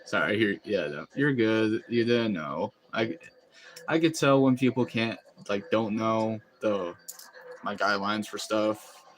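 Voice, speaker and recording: A man's voice: on the low side, expressive, a little slow. A man chatting casually on a live stream, rambling and laughing often as he reacts to chat. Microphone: phone.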